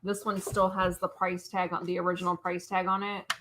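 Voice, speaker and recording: A woman co-hosting a live stream, describing items one by one in an unhurried way. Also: fairly low pitch, little pitch movement, noisy background. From United States. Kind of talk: live-stream item showcase.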